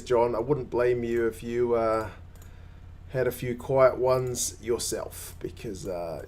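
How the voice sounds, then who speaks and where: A man hosting a live rugby watch-along, chatting casually, rambling and greeting viewers by name. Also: mid-range voice. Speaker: rugby channel host.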